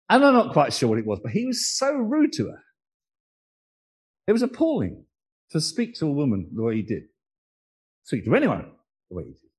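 Husky, lively preacher. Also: male voice, a little high, rough recording. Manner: earnest, emotional, confessional. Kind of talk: sermon with personal anecdotes.

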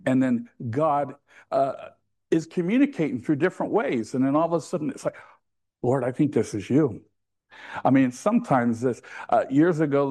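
A man's voice: mid-range voice, a little mellow. A man preaching a sermon to a congregation in a conversational way, with asides and jokes. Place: church.

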